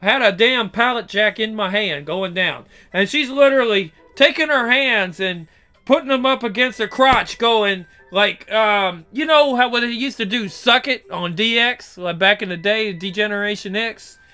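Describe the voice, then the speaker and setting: High bright-voiced man telling stories. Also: moderate pace, clear, resonant tone, faint music behind. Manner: profane, acts out quoted dialogue. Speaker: storyteller. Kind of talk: casual storytelling.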